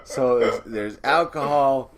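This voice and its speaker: A man's voice: medium pitch, takes it slowly. A young man co-hosting a podcast, telling a party story in casual chat, acting out quotes and laughing often. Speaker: podcast co-host.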